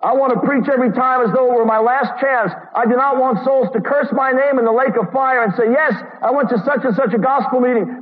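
A man preaching a sermon in an earnest, urgent way, reading quotes aloud and adding sarcastic asides. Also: very high voice. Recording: tinny phone-like radio broadcast from a long-reverb hall.

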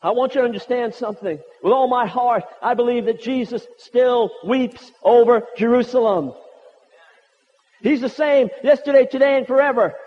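High-voiced preacher in a reverberant hall. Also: male voice. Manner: impassioned, rhetorical, building repetitions. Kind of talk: sermon. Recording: muffled audio with long hall reverb.

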